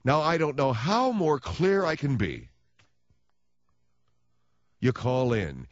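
A man hosting a radio talk show, delivering a mock-solemn, sarcastic announcement in a deadpan way into a studio microphone. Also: mid-range voice, slow, no room sound, highs cut off. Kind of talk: sardonic radio monologue.

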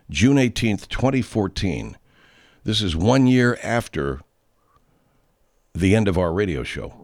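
Male radio host, low voice, lively pitch, rambling and profane, self-deprecating, dry close sound. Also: no echo. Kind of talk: casual comedy radio talk.

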